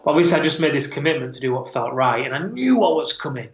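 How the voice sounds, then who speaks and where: A man in his thirties speaks in a fairly high voice, telling his story earnestly and thoughtfully. His voice echoes in a room, and the audio sounds a little dull. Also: sing-song, quick pace. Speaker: podcast guest, men's coach. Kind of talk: personal story told in an interview. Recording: roomy, slightly dull podcast audio.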